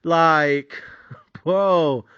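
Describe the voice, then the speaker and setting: A man's voice: fairly high pitch, drawn-out words, a bit bright, smooth, dry recording, lo-fi sound. Fired-up, profane male podcast host. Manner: profane, fired-up storytelling with slangy asides. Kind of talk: casual monologue.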